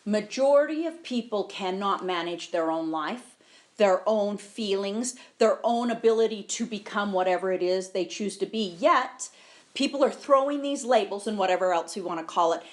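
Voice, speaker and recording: A woman's voice: medium pitch, lively intonation, moderate pace. A woman co-hosting a podcast, talking emphatically and affirming the others, with a preachy streak. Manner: emphatic, affirming, preachy about self-worth. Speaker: podcast co-host. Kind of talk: casual chat.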